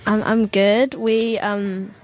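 A woman's voice: mid-range voice, flat delivery, slow pace, a crowd in the background, rough recording. A young woman co-hosting a radio show, chatting casually and rambling through a long story. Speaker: radio co-host.

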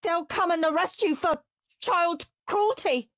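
A woman's voice: a little slow, a bit bright, no room sound, studio quality. A woman voicing a lazy, defiant young boy who howls and wails in a storybook reading. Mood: demanding. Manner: shrill howling and wailing.

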